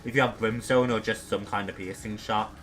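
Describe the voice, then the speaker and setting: Bright-voiced young man commenting on gameplay. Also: on the low side, steady tone, a little fast, soft background music. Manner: chatty, self-deprecating, talks to himself while playing. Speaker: gaming streamer.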